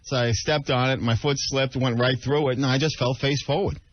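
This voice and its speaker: A man's voice: medium pitch, fairly even intonation, brisk, dry recording. A man, a radio show producer, explaining himself sheepishly and at length in casual on-air banter. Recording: lo-fi radio broadcast.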